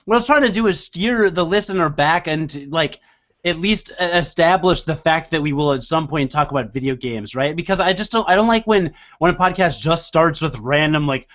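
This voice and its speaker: Man, podcast co-host, high voice, rambling jokey chat, dull lo-fi sound. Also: brisk, a bit bright. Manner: joking, rambling, laughs while talking. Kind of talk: casual chat.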